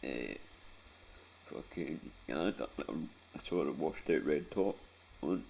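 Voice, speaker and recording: A man's voice: extremely low pitch, a little slow, creaky, a little mellow, a little hiss or hum. A Scottish man in his forties telling a painful personal story in a rambling, sweary way, close to tears and often tagging on "right?". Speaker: vlogger.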